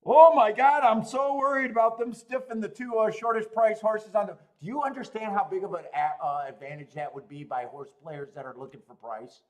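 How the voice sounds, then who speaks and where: A man's voice: high-pitched, fairly quick, hardly any pauses. A man hosting a live stream, worked up and ranting, pleading, swearing and laughing as he talks. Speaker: host. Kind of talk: live-stream chat rant.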